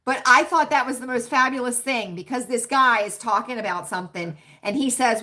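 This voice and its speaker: A bright, tense-edged woman in middle age chats through her livestream. Her voice sits a bit higher than most. She calls her viewers friends and honey and keeps checking in with a quick "right?". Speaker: livestream host. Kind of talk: casual live chat with viewers.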